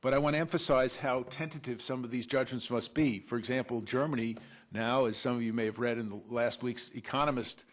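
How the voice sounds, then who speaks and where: A man giving an academic panel talk as a law professor, speaking haltingly with frequent filler sounds and restarts. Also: medium pitch, fairly even intonation. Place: lecture room at a law school panel.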